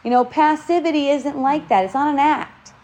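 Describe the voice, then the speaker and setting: A woman speaks in a fairly high, bright voice. She gives spiritual advice in an earnest, preachy way, loose and casual, with a curse word here and there. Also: normal speed. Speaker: spiritual talk host.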